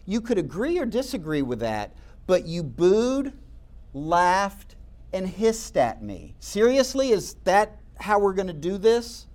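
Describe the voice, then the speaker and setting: Animated male storyteller, lively pitch. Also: takes it slowly. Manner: conversational, addresses listeners directly; acts out quoted voices. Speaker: speaker recounting campus talks.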